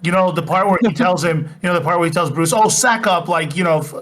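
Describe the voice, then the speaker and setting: A man co-hosting a casual movie podcast, his voice fairly high and sharply bright. He's animated, cuts in to correct his partner, and swears without a second thought. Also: fast. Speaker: podcast co-host. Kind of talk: casual movie-recap chat.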